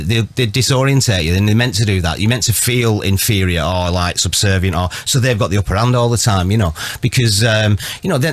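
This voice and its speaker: A man's voice: medium pitch, a bit bright, dry recording. A middle-aged man telling rambling comic anecdotes, chatty and self-mocking. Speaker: comedian.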